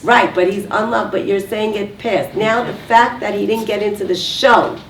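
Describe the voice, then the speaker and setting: A woman with a mid-range voice and fairly even intonation talks at a normal speed while running a communication workshop for a live audience, inviting them to call out answers. The sound is distant and echoey, with faint background noise.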